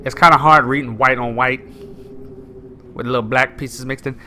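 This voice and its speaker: A man's voice: medium pitch, steady tone, normal speed, slight background noise. A young man playing a story game, reading its text aloud with playful jokey asides. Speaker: gamer. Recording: loud game music behind.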